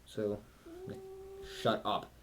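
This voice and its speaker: A teenage boy rambles to his camera in his bedroom, his pitch bouncing all over as he jokes around. There is a faint hiss behind the camera mic. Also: wildly swooping pitch, slow pace. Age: teens. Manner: rambling, jokey, talks to a cat. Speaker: vlogger. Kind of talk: casual chat to camera. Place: bedroom at home.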